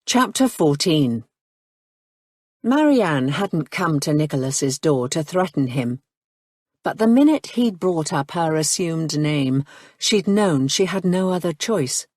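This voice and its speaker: A woman narrating an audiobook in a measured, even reading. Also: sits low, no room sound, studio quality. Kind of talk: scripted narration.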